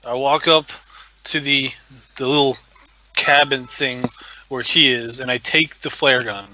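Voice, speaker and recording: A man's voice: mid-range voice, fairly even intonation, unhurried, pushed and bright, poor audio. A man playing a tabletop role-playing game, exasperated as he describes his actions step by step. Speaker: player. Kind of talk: casual tabletop game talk.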